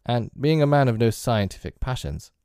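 A man's voice: mid-range voice, lively intonation, normal speed, dark tone, clean tone, no echo, studio quality, pitched above the performer's own voice, lightly acted. A man reading a grave, sober lawyer. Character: reserved, sober middle-aged lawyer.

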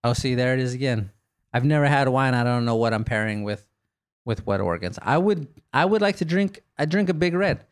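Here a man running a comedy podcast takes listener questions in a loose, joking fashion, an animated storyteller prone to short bursts of laughter. His voice is mid-range, clear, and resonant, captured in studio quality without echo.

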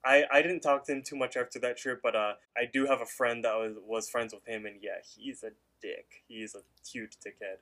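A man's voice: mid-range voice, fairly even intonation, normal speed, hardly any pauses, sharp tone. A man co-hosting a podcast, loosely retelling a cartoon episode with lots of fillers. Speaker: podcast co-host. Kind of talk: casual episode recap.

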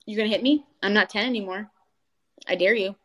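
A young adult woman guest in an interview, telling a painful family story with animated delivery and acted-out quotes of other people. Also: mid-range voice, fairly quick, a little hiss or hum. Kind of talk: candid personal interview.

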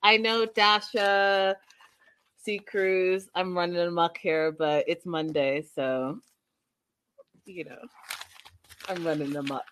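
A woman casually recapping a reality show episode, chatty and animated, with sarcastic asides. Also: lowish voice, takes it slowly, pauses often, clear, resonant tone.

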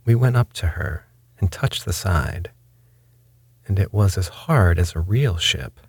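Deep, slow-reading male storyteller. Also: expressive, gravelly, slightly rough, no room sound. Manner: measured, unhurried reading. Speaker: narrator.

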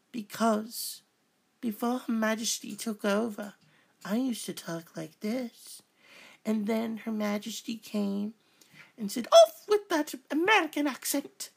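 A woman's voice: fairly high pitch, vocal fry, voice pushed up, full character voice. A woman playing a giddy American from a Britain-ruled future, talking in a put-on British accent. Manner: giddy, prim, mock-proper.

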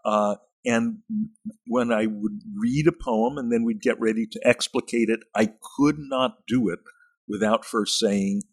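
An older man speaks in a lowish, husky voice, searching for words with frequent restarts. When he reads from his book he slows down and lets the sentences land with care. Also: steady tone. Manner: thoughtful, halting restarts, reads passages slowly and expressively. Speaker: author and retired teacher. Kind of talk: podcast interview, reading from his book.

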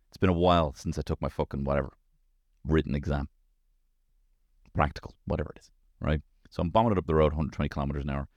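A man with a Dublin Irish accent tells comic stories in a casual, animated monologue, his low voice leaping up and down as he goes. He swears freely and keeps checking in with the listener. The sound is close and dry. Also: dry recording. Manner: animated storytelling, swears freely, lots of tag questions.

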